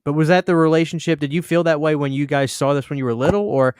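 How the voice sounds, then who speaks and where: A man's voice: fairly high pitch, fast, few pauses, clear, resonant tone, no echo, studio quality. A man hosting a podcast chat, asking questions in a hesitant way. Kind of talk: casual chat.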